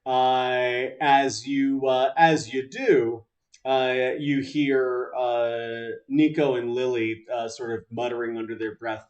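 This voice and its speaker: Slow, halting game master, a man. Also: medium pitch, fairly even intonation, highs cut off. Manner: halting, full of "uh" fillers. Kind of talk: narrating a tabletop game.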